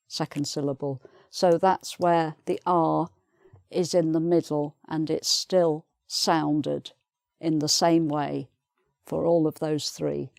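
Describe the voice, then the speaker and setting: Slow, patient British woman teaching. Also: deep voice, level tone, gravelly, darkish tone, dry recording, studio quality. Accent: British English. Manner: patient, repeats example words slowly. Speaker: pronunciation teacher. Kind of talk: pronunciation lesson.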